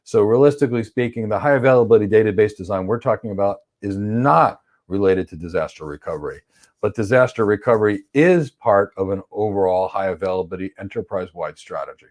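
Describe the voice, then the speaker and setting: Fast and darkish in tone, this man's low voice leads a livestreamed cloud certification class. Viewer questions get read out and met with blunt, opinionated answers, plus playful acted-out examples in silly voices.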